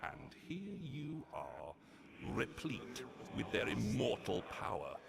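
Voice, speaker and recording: A gravelly demon villain. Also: male voice, medium pitch, wildly swooping pitch, crowd noise, full character voice. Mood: gloating. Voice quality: gravelly, creaky. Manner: slow, theatrical, sneering. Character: sinister ancient demon villain, gloating and mocking.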